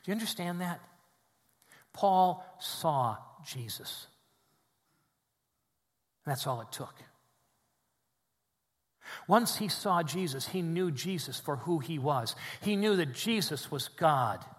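A male pastor delivers a sermon in a church sanctuary, his fairly high voice trailing off into a long reverb. He rises to loud emphasis on key phrases, then drops to a quiet, low delivery. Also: animated, slow, long pauses. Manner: dynamic preaching, swings between loud emphasis and quiet drops.

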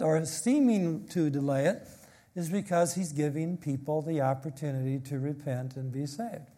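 Male preacher with a warm, fairly high voice, emphatic in teaching from scripture. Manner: emphatic, reads scripture aloud and explains it. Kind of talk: expository sermon.

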